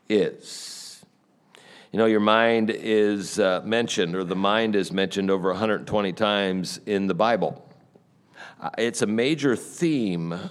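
Smooth-voiced male pastor telling a story. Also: on the low side. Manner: storytelling, conversational, frequent "uh". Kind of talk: sermon.

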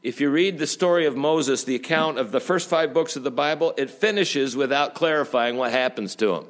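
A middle-aged man preaches a sermon, telling stories with joking asides. His delivery is lively, mixing quiet remarks with emphatic turns. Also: medium pitch, a little fast. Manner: lively storytelling with jokes and asides. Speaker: pastor.

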